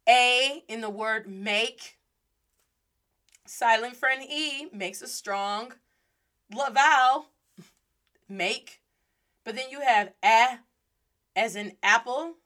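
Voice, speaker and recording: A woman's voice: on the high side, takes it slowly, long pauses, pushed and bright. A woman hosts a playful Spanish lesson, moving between English and Spanish with rhythm and humor. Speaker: Spanish teacher and host. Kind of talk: lively language lesson.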